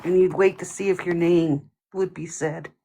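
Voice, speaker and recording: A woman's voice: fairly low pitch, steady tone, moderate pace, dark tone. Playful woman reading out chat comments. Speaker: live-stream host. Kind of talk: casual live-stream chat.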